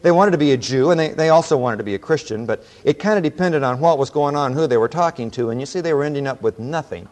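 A man teaching a Bible class, explaining a book and telling folksy stories in a relaxed, conversational way. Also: on the high side, fast talker, few pauses. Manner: relaxed storytelling with folksy asides.

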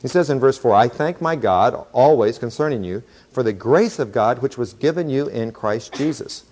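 A middle-aged man preaching a sermon in a voice of ordinary pitch for a man. He jokes and throws in sarcastic asides as he explains the text, and keeps his delivery lively.

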